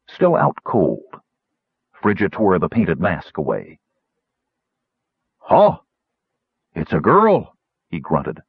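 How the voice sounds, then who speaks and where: A man narrating an audiobook in a husky voice with a very varied delivery, on a dull lo-fi recording. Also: deep voice, dry recording. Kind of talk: scripted narration.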